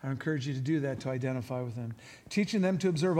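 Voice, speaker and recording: A pastor preaches a sermon in church before his congregation, his voice a little high and his delivery fast. He's animated and conversational, joking and making asides to the people in the room.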